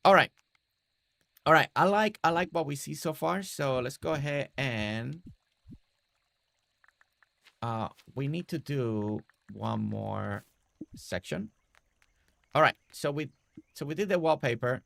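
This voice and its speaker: Male streamer, mid pitch, gravelly edge; chatty, repeats himself, cheers on game characters. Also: measured pace, pauses often, fairly bright tone, dry recording. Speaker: gaming streamer. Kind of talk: casual game commentary.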